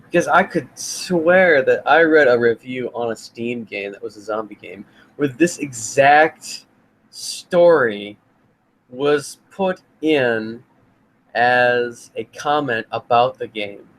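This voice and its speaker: A man's voice: mid-range voice, slow pace, a bit bright, rough recording. A man co-hosting a podcast, chatting casually and questioning his friend's story. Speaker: podcast co-host. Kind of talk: casual chat.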